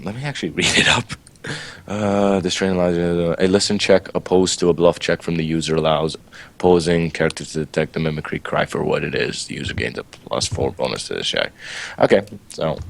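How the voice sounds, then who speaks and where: A man's voice: low-pitched, gravelly, a bit bright. A man speaking as a player in a tabletop game, eagerly describing what his character does.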